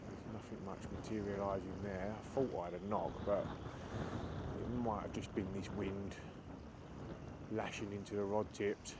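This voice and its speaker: A man's voice: fairly low pitch, flat delivery, normal speed. A man chatting casually to viewers as he talks them through his fishing, outdoors on an open beach at night. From United Kingdom. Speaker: angler vlogger. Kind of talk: casual chat to camera. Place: open beach at night in strong cold wind. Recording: heavy wind noise on the mic.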